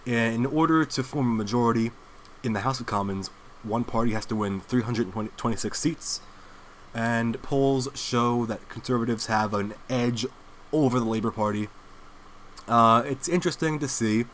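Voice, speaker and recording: A man's voice: medium pitch, moderate pace, slight background noise. A young man hosting his own commentary show, delivering a heated political monologue full of filler words. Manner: animated, heated, with many filler likes. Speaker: host.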